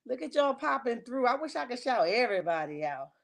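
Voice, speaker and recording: A woman hosting a reality TV recap livestream, chatting casually with viewers in a lively, slangy, opinionated way. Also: a little high, a little fast, gravelly. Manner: lively and chatty, greets chat viewers by name.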